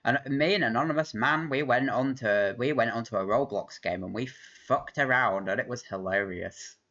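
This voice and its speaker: A man's voice: medium pitch, normal speed, a bit bright. A man hosting a live stream, rambling in casual chat, laughing often and swearing freely. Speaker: livestream host. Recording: dull lo-fi stream audio.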